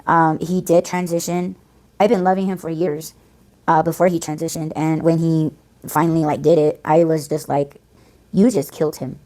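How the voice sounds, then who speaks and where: A woman host ranting casually on her podcast, blunt and heavy with swearing. Her voice sits a bit low for a woman. She vents openly, with frequent filler words and restarts. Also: level tone, normal speed, warm tone. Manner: blunt, profane, venting.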